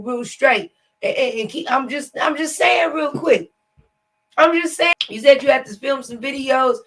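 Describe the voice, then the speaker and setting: High bright-voiced woman reacting, loud and laughing, cussing a lot. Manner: loud, laughing, profane, incredulous. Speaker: reaction video host. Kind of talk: casual reaction commentary.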